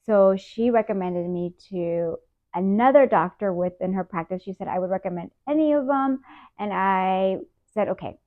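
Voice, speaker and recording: A woman's voice: medium pitch, moderate pace. A woman in her thirties, an interview guest, candidly recounting a hard personal experience and acting out the dialogue. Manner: emotional, animated retelling with quoted dialogue. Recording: tinny phone-like sound.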